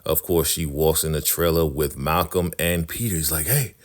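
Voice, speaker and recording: A man casually recapping a TV episode, retelling scenes and acting out the characters' lines in quick, chatty bursts. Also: extremely low pitch, fairly even intonation.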